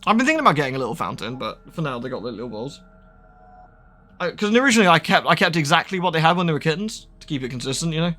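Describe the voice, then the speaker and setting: A man with a slightly raised voice rambles through relaxed game commentary. He keeps switching to affectionate baby-talk for his cat. Quiet game music plays underneath. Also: on the high side, rapid-fire. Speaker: gaming streamer. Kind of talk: casual let's-play commentary.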